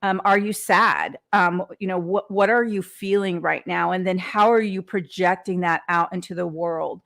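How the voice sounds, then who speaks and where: A woman's voice: on the low side, steady tone, moderate pace, vocal fry, fairly bright tone. A woman hosting a motivational podcast, talking earnestly in an unscripted monologue, often repeating words and restarting. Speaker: podcast host and coach.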